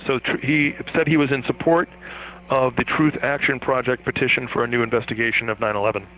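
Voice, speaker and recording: A man being interviewed as a guest, talking in a rambling, animated way and laughing now and then. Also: mid-range voice, fairly quick, slight background noise. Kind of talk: interview over the phone. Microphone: phone. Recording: tinny phone line.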